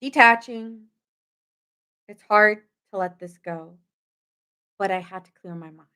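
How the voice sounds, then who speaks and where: A woman's voice: medium pitch, measured pace, pushed and bright, smooth. A woman giving a casual late-night tarot reading, chatty and goofy, joking often. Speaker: tarot reader.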